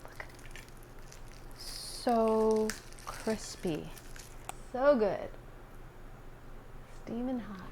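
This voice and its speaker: A woman's voice: fairly high pitch, extremely slow, long pauses, darkish tone, slight background noise, low-quality recording. A woman hosting a cooking video, tasting food and describing each flavor in detail. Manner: savoring, describes taste in detail.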